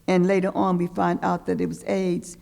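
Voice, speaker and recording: An older woman gives a poetry reading in a lecture hall. Her voice is deeply gravelly and fry-laden. She reads slowly and deliberately, leaning on the rhythm of each line. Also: completely flat delivery, warm tone. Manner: slow, deliberate, rhythmic delivery with pauses. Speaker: poet reading her work.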